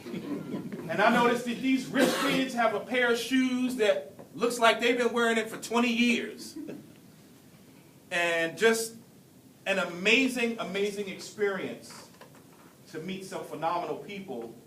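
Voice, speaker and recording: High-voiced man speaking in an echoey hall. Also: animated, a bit bright. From Brooklyn, New York. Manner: earnest storytelling with deliberate pauses. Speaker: keynote speaker. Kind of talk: motivational speech. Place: large hall at a ceremony. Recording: echoey hall, distant mic, faint rumble.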